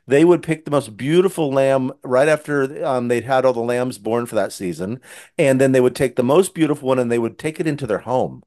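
A man's voice: medium pitch, a little fast, darkish tone. A man who writes Christian children's books, earnestly retelling one of his stories in casual conversation with frequent restarts. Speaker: Christian children's book author. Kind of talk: casual storytelling.

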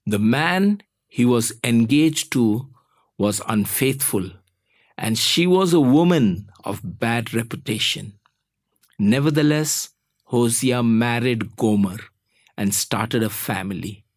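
Slow, animated male preacher. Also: mid-range voice, dry recording, studio quality. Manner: slow, deliberate storytelling. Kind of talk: sermon lesson with storytelling.

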